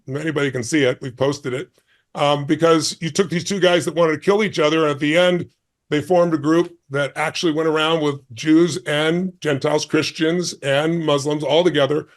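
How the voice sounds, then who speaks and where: A man in his sixties, a guest on an interview show, telling a story with intense emphasis and acting out the dialogue. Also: fairly high pitch. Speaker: guest speaker.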